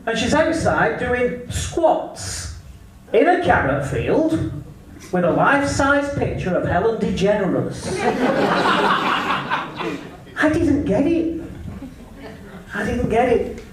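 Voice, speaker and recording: An English stand-up comedian delivers a cheeky, crude set at an unhurried pace in a live comedy venue, his fairly high voice leaping up and down to sell each punchline. He's recorded from a distance, slightly off mic, in a very echoey room with faint noise behind.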